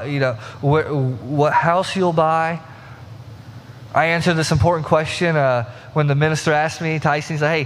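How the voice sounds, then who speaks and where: A young man preaches in a loose, conversational way, slipping into the voices of the people in his stories. His voice sits a bit high for a man. A long reverb trails behind him, as in a church sanctuary. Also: a little hiss or hum. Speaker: pastor. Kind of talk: sermon.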